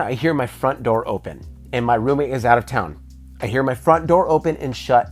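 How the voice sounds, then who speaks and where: Man telling a creepy story, soft music behind. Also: mid-range voice. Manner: animated, suspenseful telling with casual swearing. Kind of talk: casual storytime.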